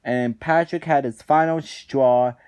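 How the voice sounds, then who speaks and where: A man's voice: mid-range voice, fairly even intonation, takes it slowly, darkish tone, clean tone. A man reviewing cartoon episodes in a ranting commentary, indignant and exasperated, often restarting his sentences.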